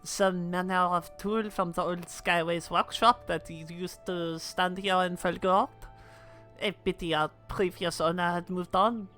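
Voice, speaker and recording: Lady doing a french accent innkeeper, polite, bright voice, trips on words. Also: lowish voice, steady tone, a little slow, soft background music. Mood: courteous. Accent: put-on French. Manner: courteous, stumbling over words. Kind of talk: reading game dialogue aloud.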